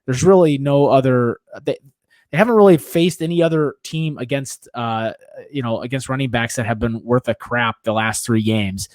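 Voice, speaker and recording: A man's voice: medium pitch, moderate pace, a little mellow, no echo. Rambling jokey male sports podcaster. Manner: rambling, self-correcting, jokey. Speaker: podcast co-host. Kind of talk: casual sports talk.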